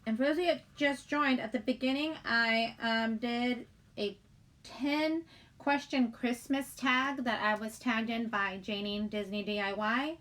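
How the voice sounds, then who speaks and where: A woman's voice: fairly high pitch, a little slow, a bit bright. A middle-aged woman hosting a casual livestream, chatty and giggly, rambling as she greets viewers in the chat. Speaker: livestream host.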